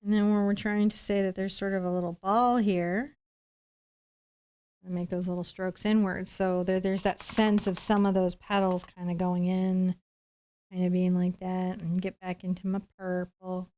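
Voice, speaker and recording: A woman's voice: on the low side, little pitch movement, normal speed, mellow. A middle-aged woman giving a live acrylic painting lesson, chatting playfully while she paints. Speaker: painting instructor.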